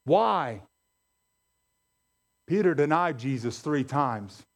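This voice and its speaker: Animated, higher-voiced male preacher. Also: takes it slowly. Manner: animated, emphatic, repeats key lines. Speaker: pastor. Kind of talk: sermon.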